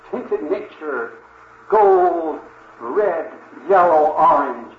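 An older man preaching a sermon in an earnest, reverent manner, speaking slowly and often pausing with "uh" to address his listeners as dear friends. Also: fairly high pitch. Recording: dull roomy old recording with faint hiss.

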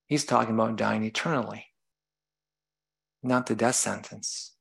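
A male preacher with a gravelly, fry-edged voice, delivering a sermon. He reads scripture passages aloud and then explains them in plain terms. He sometimes stops to correct himself. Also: lowish voice, steady tone, a little slow, fairly bright tone, low-quality recording.

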